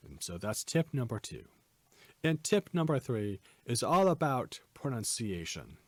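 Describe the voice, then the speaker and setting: A man hosting a podcast lesson, giving presentation tips in a clear, emphatic, teacherly way. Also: mid-range voice, dry recording.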